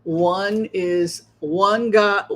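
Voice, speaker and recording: Male stream host with a high voice, rhetorical political commentary, keeps checking in with "right?". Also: fairly even intonation, drawn-out words, a bit bright. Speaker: psychic show host.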